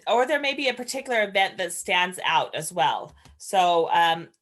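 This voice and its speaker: A woman's voice: lowish voice, big pitch swings, normal speed, a bit bright. A woman giving an earnest, conversational training lecture as a foster parent trainer, explaining ideas and sharing stories from her own home.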